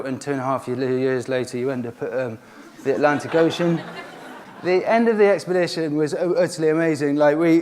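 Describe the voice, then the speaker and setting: Man telling relaxed, funny expedition anecdotes. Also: on the high side. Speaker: guest speaker, explorer. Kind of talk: inspirational talk.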